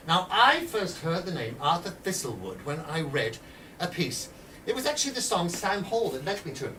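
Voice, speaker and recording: A man telling a historical story in a lively way, speaking directly to his listeners and acting out voices, heard from a distant mic with faint room noise. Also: fairly high pitch.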